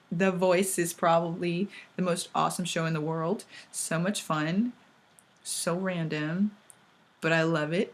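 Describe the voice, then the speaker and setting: A woman's voice: medium pitch, slight background noise, rough recording. A young woman from England with a British accent, chatting in a bubbly vlog full of likes and ums. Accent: British English. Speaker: vlogger. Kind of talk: casual vlog monologue.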